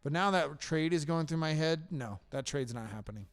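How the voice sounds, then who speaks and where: A man with a gravelly, creaky edge to his voice talks football on a podcast, sure of his predictions and happy to defend them. His voice is close and dry, with no room sound around it. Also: a little high, expressive, a little fast, no room sound. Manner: opinionated, confident football predictions. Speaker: podcast co-host. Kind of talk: casual sports chat.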